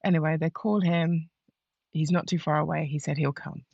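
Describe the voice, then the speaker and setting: A woman guest on a podcast, telling a personal story in a casual, animated way and acting out what others said. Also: sits low, moderate pace, gravelly, breathy edge, dry recording, muffled recording.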